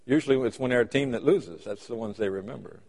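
A man preaches a sermon in a church sanctuary, his voice carrying a long hall reverb. He speaks at a middle pitch and tells folksy stories, acting out the quotes in them. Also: quick pace, darkish tone, slightly rough. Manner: folksy storytelling with acted-out quotes.

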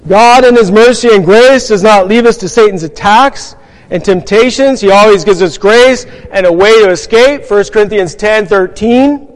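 High-voiced preacher in a reverberant hall. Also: male voice, moderate pace. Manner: earnest, asks the congregation rhetorical questions. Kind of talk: sermon.

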